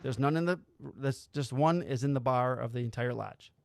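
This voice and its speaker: Against a noisy background, a man with a creaky, mid-range voice talks at normal speed as he hosts a podcast. He's a lively storyteller in casual conversation, voicing quotes and swearing a lot.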